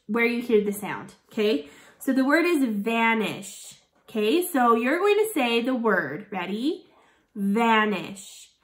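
A woman teacher talks young learners through a phonics lesson, stretching out every sound and praising them often. Her voice sits a little high and moves all over the place. The room around her echoes noticeably. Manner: slow, sound-by-sound phonics drilling with an encouraging tone. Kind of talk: early reading lesson for children.

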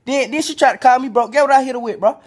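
A young man with an Atlanta accent rambles through a comic story, loose and slangy. His voice runs noticeably high for a man. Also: very fast, slight background noise. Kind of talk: comedic storytelling skit.

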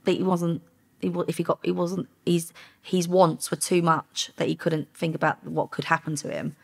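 A low-pitched woman with a gravelly, husky voice tells her story in an interview. She talks bluntly and candidly, a former undercover officer with frank language. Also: flat delivery, normal speed.

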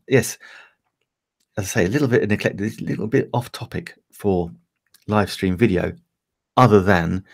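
A man's voice: low voice, creaky. A middle-aged English man chatting casually on a livestream, rambling with many fillers and restarts. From England. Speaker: livestream host.

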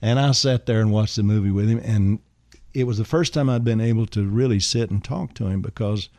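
A man's voice: fairly low pitch, a little fast, warm tone, dry recording. Easygoing older man spinning a yarn. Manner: easygoing, rambling, full of "uh" and "man". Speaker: songwriter and guest. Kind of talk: storytelling anecdote on a radio show. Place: radio studio.

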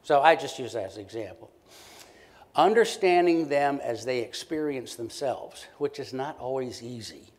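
A man speaking as a professor in a keynote lecture, his pitch sitting in the middle range. He talks in a loose, conversational way and stays animated. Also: moderate pace. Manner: conversational, animated, acts out short quoted exchanges. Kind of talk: conference lecture.

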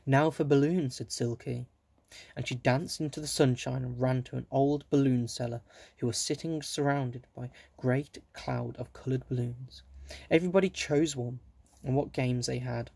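Gravelly, husky man reading a storybook. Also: medium pitch, steady tone, moderate pace, no room sound. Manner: gentle with asides to listeners. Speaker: reader. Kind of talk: reading a children's book aloud.

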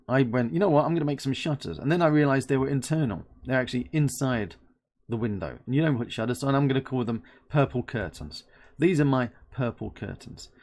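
A man's voice: medium pitch, gravelly, a little mellow. A man from London giving a chatty, playful asset review and thinking aloud as he works. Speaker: host reviewing game assets. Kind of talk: casual screen-recording review.

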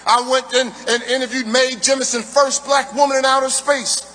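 A man's voice: very high-pitched, steady tone, moderate pace, pushed and bright. A man giving a live motivational speech in rhythmic, emphatic oratory, building on a repeated refrain. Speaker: motivational speaker. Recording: reverberant hall, faint music.

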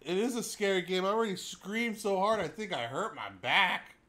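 A young man giving excitable live commentary while he plays a game, laughing and shouting as he reacts. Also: sits high, moderate pace. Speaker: streamer.

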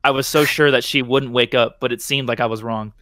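Male podcast host reading a spooky tale into a close mic; mid-pitched, dry sound, occasional stumbles. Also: steady tone, a little fast, a bit bright, no room sound. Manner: stumbles and restarts, laughing at slips. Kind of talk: reading a horror short story aloud.

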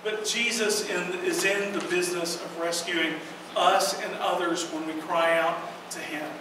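A woman pastor preaching a sermon in a church, earnest and emphatic, with slow dramatic pauses. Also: on the low side, steady tone. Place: church sanctuary. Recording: echoey hall from far off, noisy.

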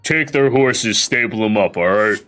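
A man voicing a gruff, bearded male dwarf innkeeper who hollers orders. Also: fairly low pitch, normal speed, fairly bright tone, faint music behind, close to an everyday voice. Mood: bossy.

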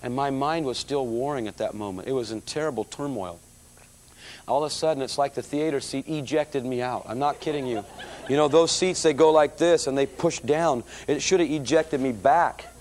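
A middle-aged man preaching, telling his conversion story in a lively storytelling manner and calling the audience folks. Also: medium pitch, moderate pace. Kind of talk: testimony sermon.

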